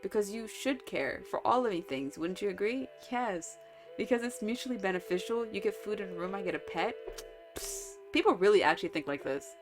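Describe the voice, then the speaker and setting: A woman's voice: medium pitch, animated, a little fast, over music. A woman streaming a visual novel, reading the game text aloud and chatting about it with lots of giggles. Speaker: let's-play streamer.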